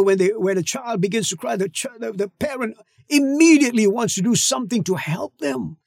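A middle-aged male pastor preaching a sermon, emphatic, with dramatic slow-downs and sudden shouts. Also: high voice, gravelly, dry recording, studio quality.

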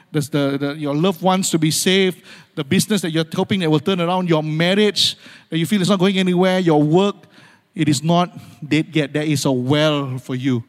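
A man preaching a sermon, swinging from loud urgent passages to hushed, near-whispered lines and repeating phrases for emphasis. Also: on the high side. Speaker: pastor. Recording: long hall reverb.

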